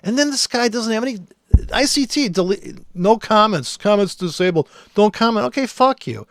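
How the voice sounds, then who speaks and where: A man talks through trading charts in a blunt, exasperated rant full of swearing. His voice sits high for a man. The sound is dry and close, with no room echo. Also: expressive, normal speed. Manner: blunt, profane, exasperated ranting. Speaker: trader. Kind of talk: screen-share chart commentary.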